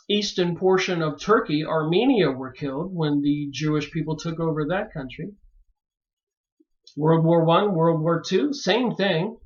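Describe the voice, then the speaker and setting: A man's voice: a little high, muffled recording. A man talking straight to his viewers in an emphatic monologue that rises into pleading exclamations. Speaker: video maker reviewing books. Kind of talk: monologue to camera.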